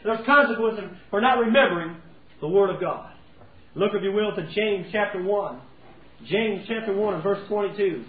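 High-voiced folksy preacher, tinny and distant. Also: male voice, normal speed, a little hiss or hum. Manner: folksy, acting out everyday scenes. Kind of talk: sermon. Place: church sanctuary. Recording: tinny, roomy, from far off.

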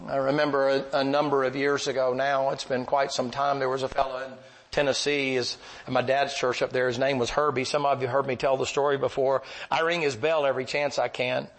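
An older man preaching a folksy, animated sermon full of stories. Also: mid-range voice, brisk. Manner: folksy, animated, acts out voices. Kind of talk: sermon with storytelling.

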